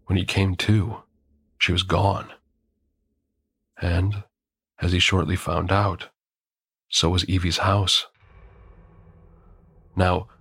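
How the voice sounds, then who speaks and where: A man narrating a horror story in a measured, grim first-person telling. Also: sits low, vocal fry, fairly bright tone, husky, dry recording.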